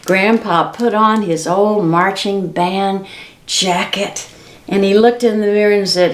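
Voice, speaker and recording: A woman's voice: mid-range voice, fairly even intonation, a little slow, roomy sound, a little hiss or hum. A woman reading picture books and singing animal songs for preschoolers at a library story time, playful and sing-song. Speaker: children's librarian. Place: library room.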